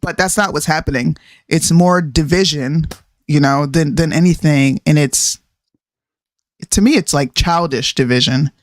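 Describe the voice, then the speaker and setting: A woman's voice: low-pitched, measured pace, dry recording, studio quality. A woman co-hosting a casual political livestream, opinionated and talking over clips. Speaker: co-host.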